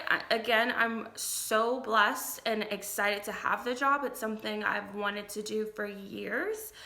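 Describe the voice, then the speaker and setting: A young woman talks slowly and openly about how she has been, tired and close to tears at times, pausing often to gather her thoughts. Her voice is bright and a little high. The room around her sounds echoey. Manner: candid, rambling, many ums and restarts. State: tired, getting emotional. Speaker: vlogger. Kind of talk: casual personal update.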